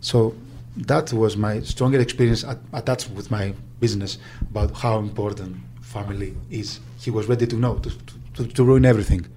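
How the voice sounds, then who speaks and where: Man, halting speech with restarts, lowish pitch, dark mellow tone, faint background ambience. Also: slight background noise. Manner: halting, with frequent restarts and fillers. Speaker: agent. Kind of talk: recounting memories in an interview.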